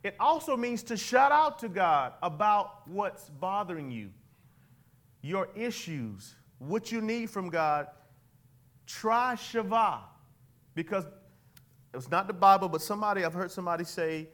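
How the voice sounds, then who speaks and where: Unhurried but animated, this high-pitched pastor preaches in a conversational way. He draws call-and-response from the congregation.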